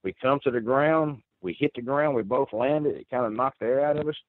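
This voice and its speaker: A man's voice: mid-range voice, brisk, dry recording. A man telling a first-person story, rambling and earnest with many restarts. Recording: tinny phone line.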